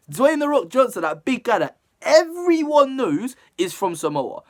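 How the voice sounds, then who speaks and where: A young man with talks through a music video as he reacts to it. His pitch leaps around, and he picks apart each line in a chatty, animated way, sometimes breaking into loud laughter. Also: moderate pace, few pauses. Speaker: music reaction channel host. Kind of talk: casual reaction commentary.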